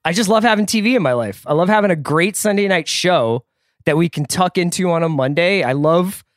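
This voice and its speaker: A man's voice: high voice, animated, a little fast, no echo, studio quality. A man from Philadelphia co-hosting a podcast in casual chat, upbeat and rambling with fillers. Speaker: podcast co-host. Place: Los Angeles studio.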